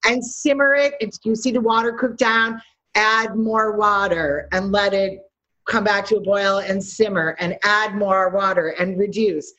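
A middle-aged woman chef talks through her cooking with lively, animated storytelling. Her voice sits at a middling pitch. The recording sounds a little dull and lo-fi. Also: measured pace. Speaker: chef guest. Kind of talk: interview conversation. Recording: slightly dull lo-fi audio.

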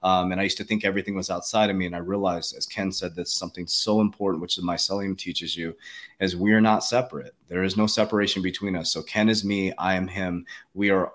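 Deep voiced guy rattling on fast, earnest and emphatic, lots of um and like. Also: steady tone, a bit bright. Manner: earnest, emphatic, many fillers and restarts. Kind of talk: casual podcast chat.

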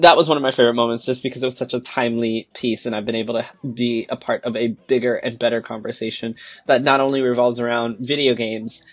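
A podcast co-host in casual roundtable chat, excitable and animated, laughing often as they tell stories. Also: mid-range voice, no room sound.

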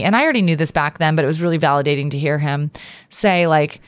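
A woman co-hosting a podcast in casual chat, an animated storyteller who acts out the dialogue she quotes. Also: sits low, fast talker, clear, resonant tone, no echo. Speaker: podcast co-host.

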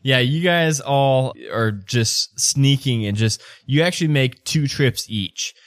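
A man's voice: medium pitch, takes it slowly, no room sound, studio quality. A man narrating as game master of a tabletop game, casual with many fillers.

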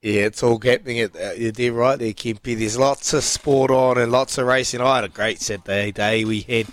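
A man's voice: medium pitch, steady tone, fairly quick. A man with a New Zealand accent co-hosting a radio show, chatting enthusiastically in a matey way about racing and sport. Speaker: radio co-host. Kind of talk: casual sports chat.

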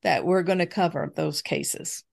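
A middle-aged woman, co-hosting a casual podcast chat with her daughter, affectionate and quick to laugh. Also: sits low, fairly even intonation, gravelly. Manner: affectionate, chatty, laughs often. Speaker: podcast co-host.

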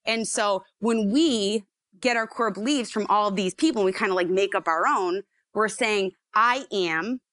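Animated woman psychologist explaining. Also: mid-range voice, moderate pace, dry recording, studio quality. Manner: animated storyteller, acts out inner voices. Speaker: psychologist guest. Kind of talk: casual explanatory chat.

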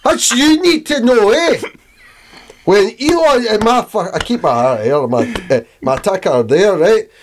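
A man's voice: high-pitched, lively intonation, measured pace, slight background noise. A man putting on a put-on Scottish accent as a drunk, swaggering tech mogul, boozy and belligerent. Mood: drunk matey. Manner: boozy, belligerent, slurring boasts.

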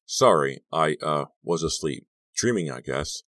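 A man's voice: rumbling low, animated, unhurried, fairly bright tone, no room sound, studio quality, heavily acted. A man voicing a tired, edgy teenage boy who answers with weary sarcasm, in an audiobook reading.

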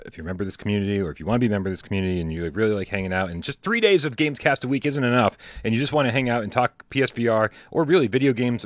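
A man hosts a live gaming podcast at a quick clip, rambling and joking through quick banter. The recording is dry and close, with no room sound. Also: fairly low pitch, no echo. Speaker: podcast host.

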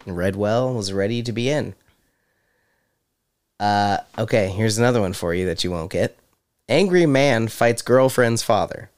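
A man with a low, smooth, resonant voice, talking casually as a podcast co-host. He shares movie trivia in a relaxed way, chuckling often. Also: unhurried, long pauses. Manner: chatty, trivia-sharing, laughs often. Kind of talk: casual chat.

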